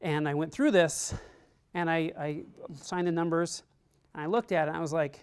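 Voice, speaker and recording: Teaching a resilience class for the army, this man mixes lecture with a personal story in a casual, "like"-heavy way that comes across as sincere and supportive. He speaks at a moderate pace in a slightly high, steady voice that is clear and resonant.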